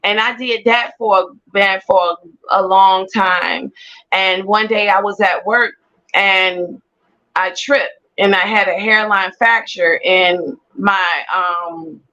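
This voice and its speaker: A woman telling her personal testimony as an animated storyteller who repeats phrases for emphasis. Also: mid-range voice, slow pace, highs cut off. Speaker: guest sharing a personal testimony.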